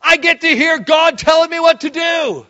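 High, bright-voiced preacher man. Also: moderate pace, dull audio. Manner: energetic, swings from quiet to sudden shouts. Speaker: pastor. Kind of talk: sermon.

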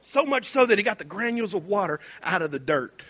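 A man preaching a sermon, animated and folksy, retelling scripture in casual slang. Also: high-pitched, fast, breathy edge, muffled recording.

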